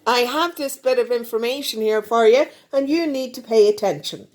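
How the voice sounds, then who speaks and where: A woman's voice: on the high side, normal speed, close to an everyday voice. Woman voicing an insistent priestess, politely interrupting, slightly raised voice. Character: the High Priestess tarot card, female, urgent.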